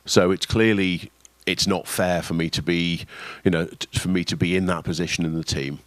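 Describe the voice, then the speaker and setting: A man's voice: low-pitched, fairly even intonation, normal speed, no echo. A man, a cloud team delegate, talking casually and apologetically at a conference discussion, with restarts. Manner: self-deprecating, apologetic, rambling with restarts. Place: conference room session.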